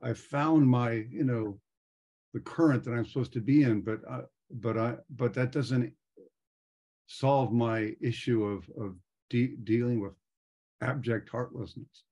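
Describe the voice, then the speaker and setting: A man's voice: mid-range voice, steady tone, a little slow, dark tone, slightly rough. A man in his sixties in the audience, speaking hesitantly and searching for words. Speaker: audience member.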